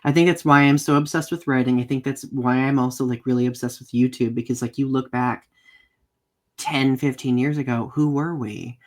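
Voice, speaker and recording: A man's voice: mid-range voice, fairly even intonation, moderate pace. A man co-hosting a casual podcast chat, enthusiastic and full of questions. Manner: enthusiastic, asks many questions. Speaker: podcast co-host. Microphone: home setup on a live video podcast.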